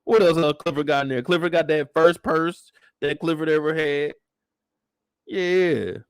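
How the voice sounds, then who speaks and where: A man from Kansas City hosting a live after-show, giving animated, profane reaction commentary that breaks into laughs and loud rants at the characters. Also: fairly high pitch, unhurried, smooth, no echo, clean studio sound. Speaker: show host.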